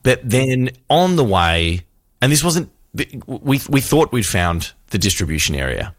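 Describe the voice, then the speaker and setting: A man, co-hosting a radio show and telling a story with lively acted-out voices. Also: medium pitch, measured pace, dry recording, studio quality. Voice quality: animated storyteller, acts out voices. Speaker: radio co-host. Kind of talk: casual radio banter, storytelling.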